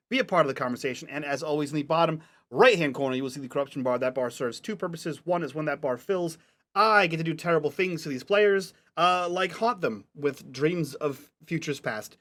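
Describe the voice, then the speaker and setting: A man's voice: on the high side, a bit bright. A man running a tabletop role-playing game, narrating scenes and chatting playfully with his players. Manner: playful, chatty, halting when improvising. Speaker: game master.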